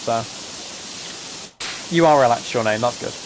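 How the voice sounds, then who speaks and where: A young British man hosting a relaxed livestream, chatting casually and rambling as he answers his chat. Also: medium pitch, measured pace. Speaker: livestream host. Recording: steady hiss of spraying water behind.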